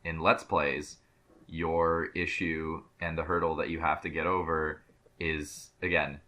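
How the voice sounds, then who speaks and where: A man's voice: a bass voice, flat delivery, unhurried, bright, forceful tone. A man appearing as a podcast guest, chatting casually with crude jokes and teasing. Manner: joking, crude interjections.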